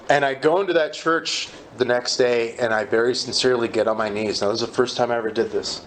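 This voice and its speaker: A man candidly telling his personal recovery story in a conversational, halting way at a meeting. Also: mid-range voice, steady tone, slight background noise.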